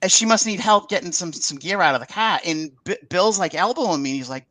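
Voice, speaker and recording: Animated man telling a story, dry sound. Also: high-pitched, a little fast, few pauses, no echo. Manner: animated, acts out quoted dialogue with many restarts. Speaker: podcast guest. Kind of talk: casual storytelling interview.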